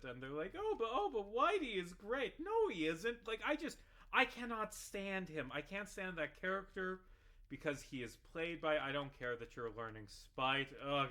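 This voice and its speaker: Bright-voiced man ranting over gameplay. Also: a little high. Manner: profane, rambling, animated ranting with frequent fillers. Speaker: gaming vlogger.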